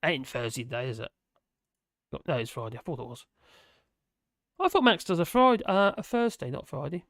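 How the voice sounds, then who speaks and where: Hoarse, rambling man streaming. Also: a little high, expressive, a little fast, long pauses, fairly bright tone, dry recording, studio quality. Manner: rambling, chatty, self-mocking, hums to himself. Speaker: live stream host. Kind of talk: casual live stream chat, reading out comments. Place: at home in France. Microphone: desk microphone.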